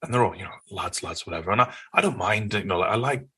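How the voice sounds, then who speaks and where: A man with a Northern English accent, a guest in an interview, telling stories in an earnest, animated way. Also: on the low side, fast talker, husky. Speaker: podcast guest. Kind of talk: conversational interview.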